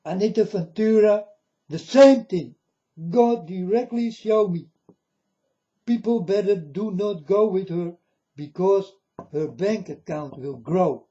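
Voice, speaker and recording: A man with a high, mellow voice speaks slowly in an earnest, halting religious monologue, his phrasing not quite native. The recording is dull and lo-fi. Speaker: religious video maker.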